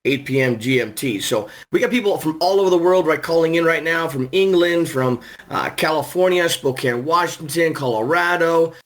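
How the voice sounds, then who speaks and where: Guy hosting a business training call, bit high voice, hyped up, lots of uh and restarts. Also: moderate pace, hardly any pauses, fairly bright tone. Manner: enthusiastic, many fillers and restarts. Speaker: host of a weekly training call. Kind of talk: upbeat sales call hosting.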